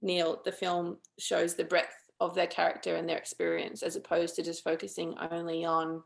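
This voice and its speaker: Woman with a gravelly low voice. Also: completely flat delivery, normal speed. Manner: thoughtful, earnest, chatty with fillers. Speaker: documentary filmmaker, guest. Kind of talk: interview conversation.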